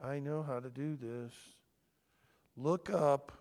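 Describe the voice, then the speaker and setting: A man in his sixties from Michigan, giving an animated sermon-style talk at a family conference and pressing his audience with questions. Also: mid-range voice, slow, vocal fry. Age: 60s. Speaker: conference speaker.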